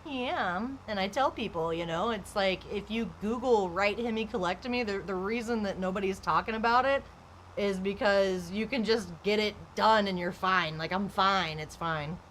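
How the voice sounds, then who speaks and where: A woman's voice: medium pitch, moderate pace, fairly bright tone. Young woman streamer rambling on, says like a lot, candid chit-chat while she plays, faint hiss behind. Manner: rambling, candid, heavy use of "like". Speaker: live streamer.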